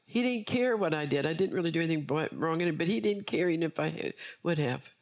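A woman's voice: deep voice, animated, quick pace. A woman preacher delivering an earnest sermon with personal testimony, repeating key phrases for emphasis.

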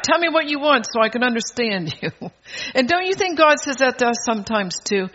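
A man's voice: very high-pitched, expressive, fairly quick, bright, forceful tone. An older man preaching a sermon, bold and exhorting, chuckling between phrases, on a dull lo-fi recording.

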